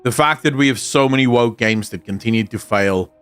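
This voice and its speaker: A man's voice: mid-range voice, fairly quick, a bit bright, clear, resonant tone, soft background music. A man streaming live, reading viewer comments aloud and answering them in casual chat.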